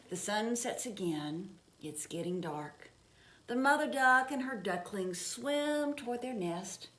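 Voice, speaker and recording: A woman leading a church children's story, expressive and gentle, asking the children questions and dropping to soft whispers for effect. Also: mid-range voice, slight background noise. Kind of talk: reading a children's story and sermon.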